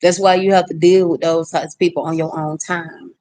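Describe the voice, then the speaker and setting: A woman vlogger ranting casually to her viewers in a fairly low voice. She is blunt and outspoken, and the sound is dry and close. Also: little pitch movement, a little fast, mellow, dry recording.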